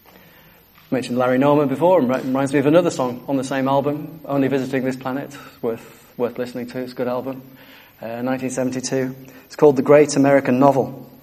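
A man's voice: medium pitch, fairly even intonation, fast, warm tone. A man preaching a sermon, earnest and emphatic, repeating key phrases.

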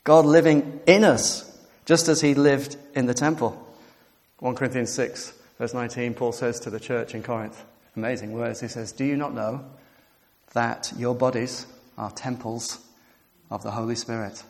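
A man preaching a sermon with animated emphasis, building to emphatic peaks and easing into quiet reflection. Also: medium pitch, normal speed. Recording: long hall reverb.

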